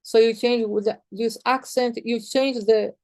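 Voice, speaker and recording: Give me a woman music teacher explaining rhythm notation patiently, a bit high, dry close-mic sound. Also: steady tone, measured pace, darkish tone, no room sound. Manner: patient, repetitive, counts and sings rhythms on "ta".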